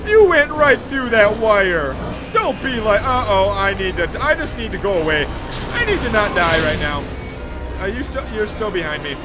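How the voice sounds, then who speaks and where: Male let's player, high voice, very lively swings, game music behind; jumpy, jokey horror commentary. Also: normal speed. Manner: excitable, yelling at enemies, joking. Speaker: gamer playing a horror game. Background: game music and sound effects.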